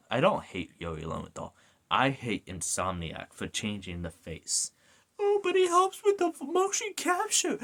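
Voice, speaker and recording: A man giving a casual ranting video review, swearing often and going off on tangents. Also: low-pitched. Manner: animated, swears a lot, goes off on rants.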